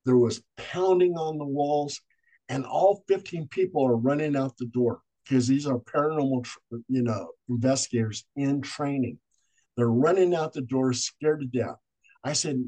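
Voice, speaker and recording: Animated man telling ghost stories. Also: mid-range voice, moderate pace, rough recording. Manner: animated storyteller acting out voices. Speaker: paranormal investigator guest. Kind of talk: storytelling in a podcast interview.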